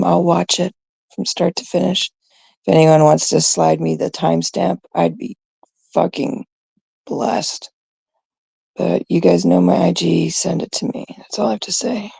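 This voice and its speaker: A woman from Canada hosting a live stream, scolding and ranting bluntly at a troll, her talk full of fillers and pauses. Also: lowish voice, little pitch movement, gravelly, warm tone, slightly rough, no room sound.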